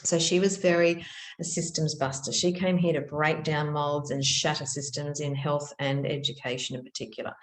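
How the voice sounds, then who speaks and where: Woman, middle-aged, low-pitched, gentle and earnest, storytelling teacher, roomy echo. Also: little pitch movement, moderate pace. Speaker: spiritual teacher. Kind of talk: reflective spoken teaching.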